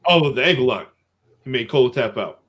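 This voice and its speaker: A man of ordinary pitch hosts a casual podcast, walking his co-hosts through an old wrestling match. His recap rambles from one detail to the next. He chuckles as he goes. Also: lively intonation, a little fast, a bit bright, breathy edge. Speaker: podcast host.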